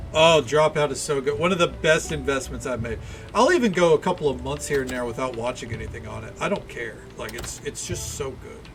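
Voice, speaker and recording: Gravelly streamer. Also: male voice, medium pitch. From American South. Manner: rambling, chatty, swears casually. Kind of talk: casual livestream commentary.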